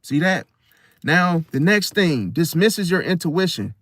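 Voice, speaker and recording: A man's voice: fairly high pitch, sing-song, measured pace, a bit bright, dry recording, studio quality. A male channel host giving an emphatic casual monologue, repeating phrases and asking "See?".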